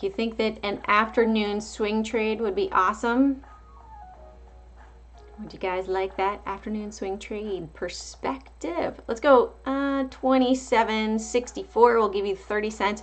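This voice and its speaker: A woman's voice: mid-range voice, steady tone, measured pace, soft background music. Chatty woman calling out stock levels. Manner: chatty, reads out price levels, answers viewer chat. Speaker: livestream market host. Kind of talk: casual live market commentary.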